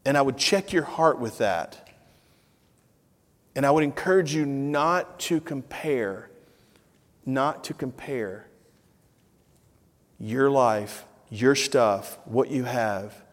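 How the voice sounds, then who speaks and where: A middle-aged man preaching a sermon, telling a family story with lively acted-out dialogue before turning to earnest exhortation. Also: medium pitch, takes it slowly, long pauses. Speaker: pastor. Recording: long reverb of a large hall.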